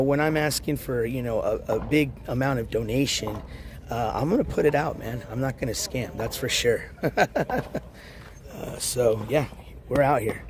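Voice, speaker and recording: A man livestreaming from a beach in the morning, hoarse and losing his voice, rambling as he walks and shouts out viewers in chat. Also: mid-range voice, a little hiss or hum. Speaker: IRL livestreamer. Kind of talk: casual live-stream chat.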